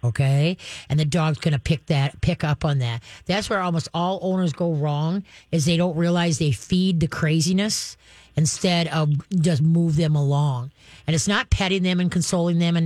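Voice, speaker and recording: A woman dog trainer answers callers on a radio show in a dry, close recording. She explains leash handling step by step. She drops into a soft, low voice to act out calm commands to a dog. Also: moderate pace, no room sound. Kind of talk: call-in radio advice.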